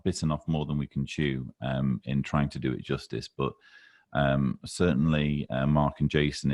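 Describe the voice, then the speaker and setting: A man's voice: a bass voice, dark tone, no echo. A man hosting a podcast, speaking politely with a dry, sarcastic edge. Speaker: podcast host. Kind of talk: casual podcast chat.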